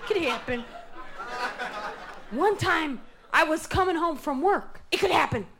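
A woman's voice: extremely high pitch, expressive, measured pace, a crowd in the background. A woman performing a stand-up comedy routine on stage, delivering absurd one-liners with mock seriousness. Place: comedy stage before an audience. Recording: noisy live recording.

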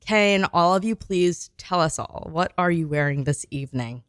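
A woman's voice: lowish voice, lively intonation, moderate pace, no room sound. A woman hosting a radio show, chatting casually and giggling, with lots of fillers, on a close studio mic.

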